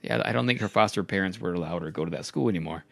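Gravelly low-voiced man joking around. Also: very fast. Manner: dry joking banter. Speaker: podcast co-host. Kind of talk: casual chat.

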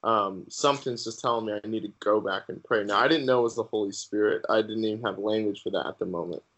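A man guest on a podcast sharing his personal faith testimony in an earnest, halting way with many fillers. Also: fairly low pitch, fairly bright tone, low-quality recording.

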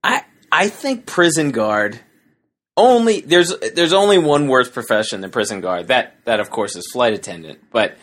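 A man's voice: mid-range voice, very animated, moderate pace, a bit bright. A man co-hosting a casual comedy podcast. He spins loose, rambling anecdotes, stopping and restarting his sentences as he goes. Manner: rambling storyteller, many restarts. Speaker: podcast co-host.

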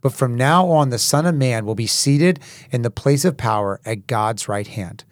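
A man reading the words of Jesus aloud in a measured, solemn Bible reading. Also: medium pitch, lively intonation, no echo, natural voice. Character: Jesus, a calm grown male teacher.

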